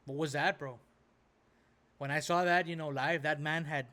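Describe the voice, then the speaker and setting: Host of a reaction video, a man with a slightly high voice who rambles in a loose rant full of "right?" and "bro". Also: steady tone, normal speed, pushed and bright. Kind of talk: casual ranting commentary.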